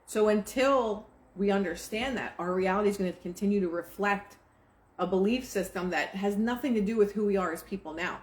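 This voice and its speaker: A woman hosting a live stream, chatting casually and teaching about manifesting, with a relaxed manner full of fillers. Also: medium pitch, a little fast. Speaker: host of a manifesting livestream. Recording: roomy echo.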